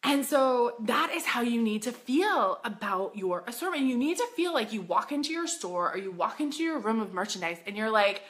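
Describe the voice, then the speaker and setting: A woman coaching boutique owners in a casual live stream, bubbly and excitable, chatty and full of "like.". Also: on the high side, moderate pace, few pauses. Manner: chatty, says "like" often.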